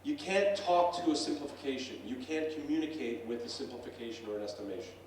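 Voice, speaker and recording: A man's voice: medium pitch, fast, a little hiss or hum. A middle-aged man, a professor, gives an earnest, conversational public talk from a stage with frequent fillers. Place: stage in a hall. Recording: echoey hall, voice from a distance.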